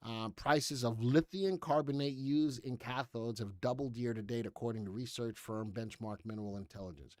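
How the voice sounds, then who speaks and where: An American man hosts a live stock market show, chatting casually as he reads headlines aloud and skips over parts with a quick "blah, blah." His voice is medium-pitched with a darkish tone, moving at a moderate pace with few pauses, recorded cleanly in a studio with no room sound.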